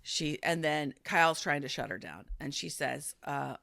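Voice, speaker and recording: A woman co-hosting a podcast in casual chat, retelling a show with animated storytelling and acted-out quotes. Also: low voice, moderate pace, gravelly, dry recording. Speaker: podcast co-host recapping a reality show.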